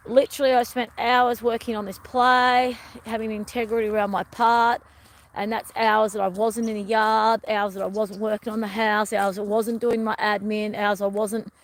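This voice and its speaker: A woman's voice: mid-range voice, little pitch movement, normal speed. A middle-aged woman vlogger chatting to her viewers in a meandering, rambling way and often calling them everyone. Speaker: wellness vlogger. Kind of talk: rambling live-stream chat.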